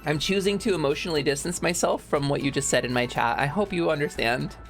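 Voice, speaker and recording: A young woman streaming a video game, chatting casually with her viewers, joking around and yelling playful bits. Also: sits low, fast talker, faint music behind. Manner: animated, joking, shouts bits and laughs often.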